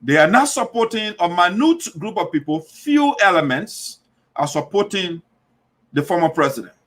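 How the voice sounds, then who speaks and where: A man's voice: high-pitched, sing-song, normal speed, a bit bright. A man from Liberia with a Liberian English accent, hosting a political commentary show, talking emphatically and repeating himself with restarts. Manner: emphatic, repetitive, restarts mid-phrase. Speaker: show host.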